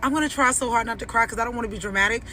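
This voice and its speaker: A woman telling a long personal story to camera in an animated, dramatic way, acting out the people she talks about. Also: fairly high pitch, racing, noisy background.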